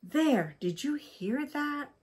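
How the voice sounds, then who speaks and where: A woman's voice: high-pitched, expressive, slow pace, darkish tone, voice pushed up. An older woman voicing a fretful wife woken in the night, speaking in a frightened, pleading way. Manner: startled, pleading.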